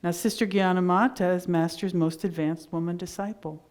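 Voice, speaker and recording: Middle-aged woman preaching a sermon, lowish voice, earnest and chatty, restarts her sentences a lot. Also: steady tone, normal speed, a little mellow. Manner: earnest, conversational storytelling with frequent restarts. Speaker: minister.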